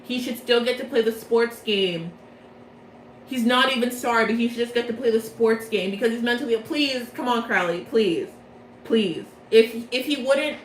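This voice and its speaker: A young woman rattles off a story recap in a rambling, excitable way and keeps correcting herself as she goes. Her voice sits in a roomy space, with faint noise behind it. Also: fairly high pitch. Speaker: video creator. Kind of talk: casual plot recap from memory.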